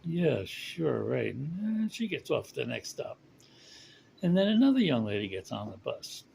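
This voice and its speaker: Gravelly man spinning a rambling joke. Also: medium pitch, sing-song, a little mellow, slight background noise, poor audio. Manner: rambling, chuckling, slows for punchlines. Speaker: storyteller. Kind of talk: casual joke telling.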